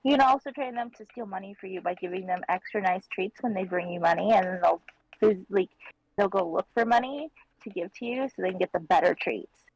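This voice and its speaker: A woman's voice: mid-range voice, fairly quick, husky, poor audio. A woman chatting casually while drawing on a livestream, explaining things plainly step by step. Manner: matter-of-fact, explains step by step. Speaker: livestream artist.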